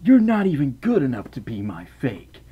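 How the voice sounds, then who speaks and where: A man's voice: mid-range voice, huge pitch swings, moderate pace, dull audio, slight background noise. A man briefly putting on the voice of an edgy, cocky male hedgehog from a video game, delivering boastful taunts. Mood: taunting.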